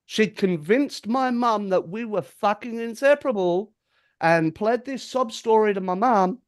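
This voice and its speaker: A man's voice: high-pitched, animated, measured pace. A man, a podcast co-host telling a story in casual chat, acting out the quotes and swearing freely.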